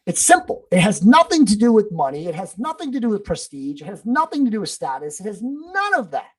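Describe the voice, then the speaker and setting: A man speaking as a podcast guest in casual interview talk. He is emphatic and blunt, swears freely and tosses in "bro" and "dude". His delivery stays forceful and direct. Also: sits high, huge pitch swings, a little fast, breathy edge, rough recording.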